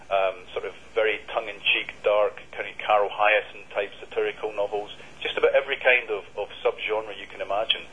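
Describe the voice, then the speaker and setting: A man's voice: on the low side, pushed and bright, husky. A Scottish man answering interview questions as a novelist guest, fluent and thoughtful with frequent restarts. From Scotland. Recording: dull lo-fi line.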